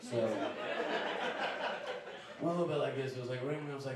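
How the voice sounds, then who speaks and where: A man's voice: medium pitch, a little fast, a little mellow, slight background noise. Young male stand-up comic, echoey club. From Louisiana. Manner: casual, confiding, punchy delivery. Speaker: stand-up comedian. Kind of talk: stand-up comedy set. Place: comedy club stage. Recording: echoey club room from far off.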